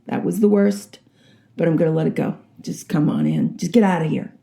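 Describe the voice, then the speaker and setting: A woman voicing a weary, fed-up male gatekeeper saint who mutters low in a told joke. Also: brisk, creaky, mellow.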